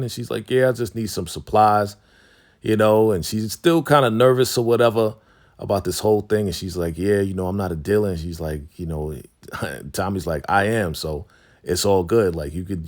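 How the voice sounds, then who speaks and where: Slangy man recapping a TV episode. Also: low-pitched. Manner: slangy, laughs often, acts out lines in quick voices. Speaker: recap host.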